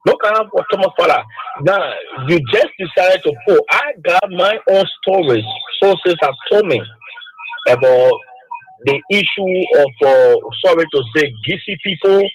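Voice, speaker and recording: A man's voice: high voice, a little slow, faint music behind, poor audio. Insistent man political caller. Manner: insistent and repetitive. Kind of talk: radio call-in commentary.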